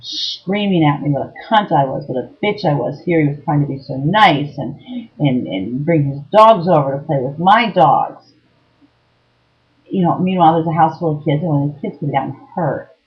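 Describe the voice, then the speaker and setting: A woman's voice: low voice, expressive, moderate pace. A middle-aged woman telling a personal story about an abusive ex-partner, talking earnestly with frequent ums and restarts. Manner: earnest and emotionally raw. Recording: dull lo-fi home recording.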